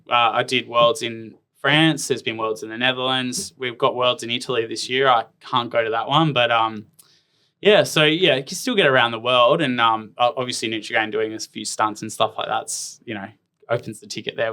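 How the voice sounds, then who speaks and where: Guesting in a relaxed interview, this Tasmanian pro ironman athlete in his thirties wanders through stories packed with "like" fillers. He speaks at a normal pace in a steady, medium-pitched voice that sounds pushed, bright and clean.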